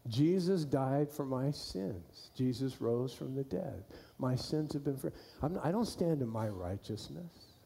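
Male pastor, unhurried folksy sermon delivery, dark warm voice. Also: mid-range voice, lively intonation, creaky, a little hiss or hum. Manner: folksy, repeats key phrases for emphasis. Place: church.

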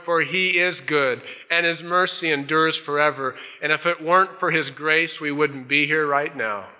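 A male pastor with a voice on the high side preaches a folksy sermon at a moderate pace, acting out the voices he quotes. It sounds like a dull old sermon tape recorded in a large hall.

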